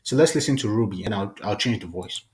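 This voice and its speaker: Casual man walking through software. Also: lowish voice, animated, quick pace. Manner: casual and chatty. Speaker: tutorial host. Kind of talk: software tutorial walkthrough.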